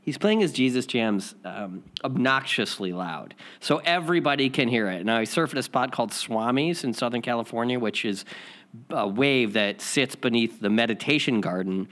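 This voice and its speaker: A man's voice: mid-range voice, animated, moderate pace, fairly bright tone. A man hosting a spiritual lesson, telling a rambling personal story with many restarts and repeats before reading.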